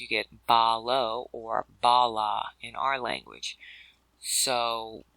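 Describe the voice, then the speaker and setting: A man's voice: mid-range voice, creaky, bright, forceful tone, no echo, poor audio. A man teaching a scripture word study in a conversational way, with fillers and restarts, addressing listeners as brothers and sisters. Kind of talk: explanatory video lesson.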